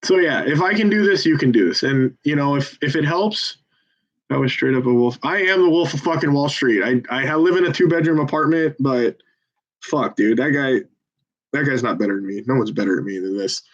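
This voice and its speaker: A man's voice: medium pitch, animated, a little fast. Profane rambling man on a dull mic. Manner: rambling, profane, self-deprecating pep talk. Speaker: phone bank volunteer. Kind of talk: casual livestream chat between phone calls.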